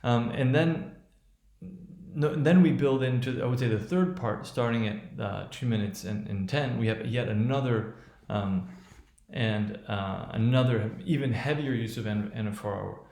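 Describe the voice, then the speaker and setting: A man lecturing on how a speech is built and spoken. He talks haltingly, with many restarts and fillers, and often checks in with "right?". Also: lowish voice, gravelly, darkish tone, echoey room. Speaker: teacher.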